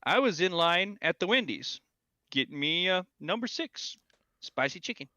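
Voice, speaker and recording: Man, podcast co-host, animated storyteller, bright and slightly high voice, dry close sound. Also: moderate pace, dry recording, lo-fi sound. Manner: animated storyteller, acts out quotes loudly. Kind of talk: casual chat.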